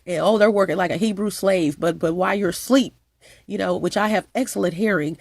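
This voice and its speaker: A woman's voice: mid-range voice, a little fast, creaky, a little mellow, no echo. A woman with a stuffy, sniffly nose, delivering a rambling personal monologue, repeating herself and restarting often. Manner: repetitive, emphatic, with frequent restarts. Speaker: channel host.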